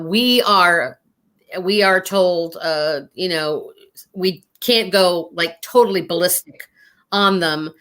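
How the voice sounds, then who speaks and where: A woman's voice: mid-range voice, pushed and bright. A woman guest chatting casually, telling a long story with many fillers and restarts, laughing as she goes. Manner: rambling, halting with fillers, laughing through stories. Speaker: guest, standardized patient actor.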